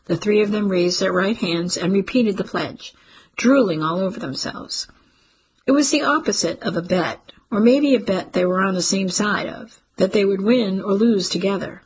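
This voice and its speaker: A woman narrating a literary story in a steady audiobook reading. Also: mid-range voice, moderate pace, breathy edge, rough recording.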